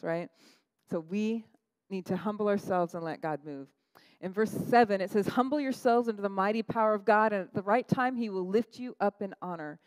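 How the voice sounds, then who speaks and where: A woman pastor preaching a sermon, animated, laughing at her own asides and acting out quotes in a higher voice. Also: no room sound, rough recording.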